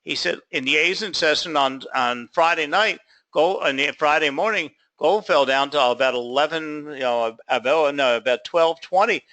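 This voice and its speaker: A man's voice: a little high, normal speed, bright, forceful tone. A man teaching a trading class, telling a story and acting out both sides of a conversation with casual fillers. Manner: acts out both sides of a dialogue, casual fillers like "you know". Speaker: trading instructor. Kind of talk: class lecture told as an anecdote.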